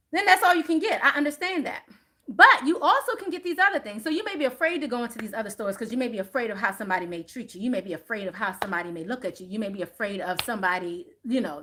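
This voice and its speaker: A woman hosting a spiritual card-reading live stream. She chats casually with her viewers, calls them y'all, and gets animated and louder on the points she stresses. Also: on the high side. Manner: chatty and animated, rising louder on emphasis.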